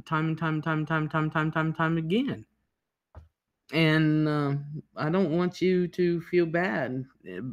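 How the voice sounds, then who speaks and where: A man hosting a livestream, talking calmly and reassuringly in casual chat. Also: on the high side. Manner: calm, reassuring, deliberate. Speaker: livestream host.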